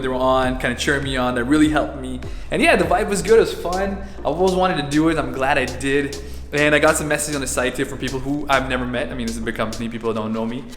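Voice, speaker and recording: A man doing virtual stand-up, telling stories animatedly with bursts of shouting and laughter. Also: medium pitch, echoey room, slight background noise. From India. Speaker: stand-up comedian. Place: room, performing over a video call. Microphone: video call.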